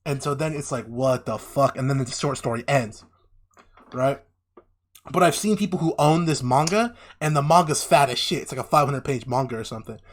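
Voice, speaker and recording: Animated storytelling podcast guy. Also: medium pitch, brisk. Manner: animated storyteller acting out characters' lines, heavy swearing. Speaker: podcast co-host. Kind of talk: casual chat, retelling a story.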